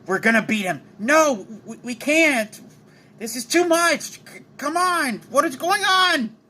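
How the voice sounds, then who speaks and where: A man voicing an anguished teenage boy duelist, his voice pushed high and strained. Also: fast, bright, forceful tone. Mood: panicked.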